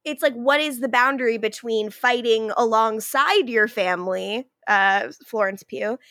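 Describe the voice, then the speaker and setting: A woman's voice: on the high side, a little slow, no room sound, clean studio sound. A woman co-hosting a podcast, chatting casually about a TV episode and acting out the characters' lines with lots of laughter. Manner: animated, acts out characters' lines in quotes, laughs often. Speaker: podcast co-host. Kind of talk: casual chat recapping a TV episode.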